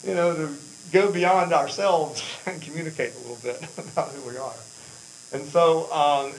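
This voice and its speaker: A man's voice: fairly high pitch, slight background noise, low-quality recording. An American man speaking earnestly at a church mission presentation, rambling a little with fillers and restarts. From United States.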